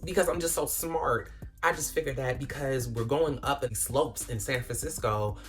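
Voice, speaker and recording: A woman's voice: a bass voice, normal speed, faint music behind. A young woman telling a storytime tale in a dramatic, self-mocking way, swearing freely. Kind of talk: casual storytime.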